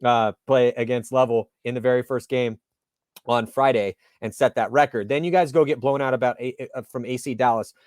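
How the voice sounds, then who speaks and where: A man hosting a casual sports interview, chatty and animated, telling stories in casual slang. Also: mid-range voice, a little fast, no echo, clean studio sound.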